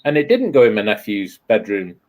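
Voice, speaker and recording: A woman's voice: a bass voice, big pitch swings, a little fast, a little mellow. A woman hosting a casual live stream chat, telling rambling stories full of restarts and dry jokes.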